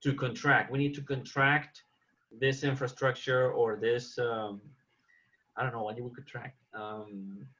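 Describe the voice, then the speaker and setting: A man's voice: mid-range voice, steady tone, unhurried, a bit bright, muffled recording. A man teaching an English class online, patiently correcting his students' examples.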